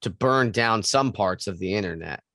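A man's voice: on the low side, moderate pace, bright, forceful tone, no echo, clean studio sound. A young man co-hosting a podcast, goofy and giggly in casual comedic chat. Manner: giggly, goofy, laughs often. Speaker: podcast co-host.

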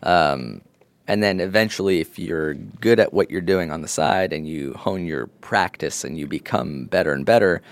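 Very deep-voiced man chatting casually. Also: normal speed, dry recording. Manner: relaxed, rambling, heavy use of "like". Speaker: podcast co-host giving advice. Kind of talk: casual advice chat.

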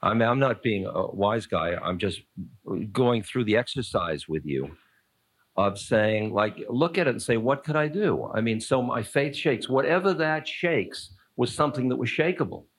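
A man in the role of a spiritual teacher thinks aloud in a loose, conversational way, turning ideas over with blunt humor. His voice sits at an ordinary middle pitch. The sound is dry and close, with no room echo. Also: lively intonation, normal speed. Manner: musing, conversational, playfully blunt. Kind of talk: informal spiritual talk answering a question.

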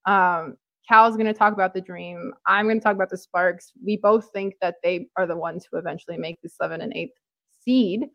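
A woman's voice: fairly low pitch, fairly even intonation, moderate pace, vocal fry, fairly bright tone, no room sound, lo-fi sound. A young woman from Toronto co-hosting a podcast, chatting casually with lots of "like" and "um". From Toronto, Canada. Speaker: podcast co-host. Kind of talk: casual sports chat.

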